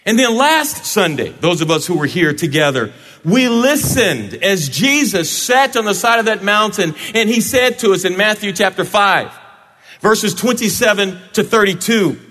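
A male pastor preaching a sermon in a church sanctuary, playful and animated, joking with his congregation. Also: sits high, normal speed, in a large hall.

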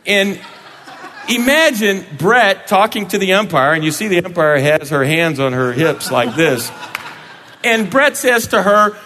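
A male pastor preaching a sermon in a church sanctuary, playful and animated, joking with his congregation. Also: fairly high pitch, measured pace, long reverb tail.

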